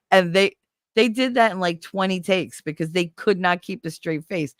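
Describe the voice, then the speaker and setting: Woman streamer host, casual animated storyteller, lowish voice, dry sound. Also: normal speed, no room sound. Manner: animated storytelling, laughs often. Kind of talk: casual chat.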